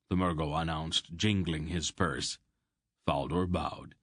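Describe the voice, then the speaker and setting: Deep, gravelly male audiobook narrator. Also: unhurried, fairly bright tone, dry recording, studio quality. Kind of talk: scripted fantasy narration.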